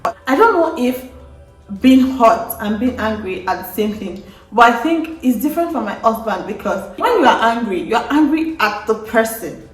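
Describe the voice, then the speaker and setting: A young woman chats to her viewers in a lively storytelling vlog. Her voice sits fairly high. She jumps into the quotes she acts out. She sounds a little far from the mic in an echoey room. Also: normal speed, faint music behind. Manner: animated, acts out quotes with wailing and laughter. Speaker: vlogger. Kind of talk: casual storytelling to camera.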